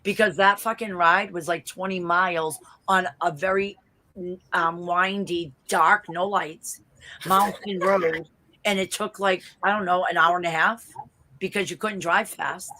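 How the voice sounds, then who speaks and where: Bright, blunt Boston woman. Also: on the low side, unhurried, slight background noise, low-quality recording. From Boston area, US. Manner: animated storyteller, blunt and profane, laughs often. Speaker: interview guest. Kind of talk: casual chat.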